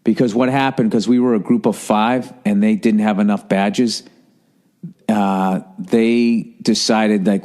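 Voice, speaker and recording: A man's voice: lowish voice, fairly even intonation, unhurried, mellow. A man hosting a podcast, telling a comedic story in a profane, ranting, self-mocking way. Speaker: podcast host.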